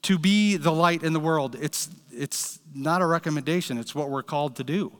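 A man's voice: fairly high pitch, normal speed, clean tone, in a large hall. A man preaching a sermon, telling a story in an earnest, direct way. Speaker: pastor.

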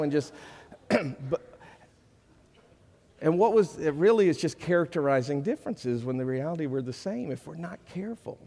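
A man's voice: on the high side, moderate pace, warm tone, slight background noise. A middle-aged male pastor preaching a sermon, earnest and conversational, building to emphatic peaks. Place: church sanctuary. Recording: long reverb of a church hall.

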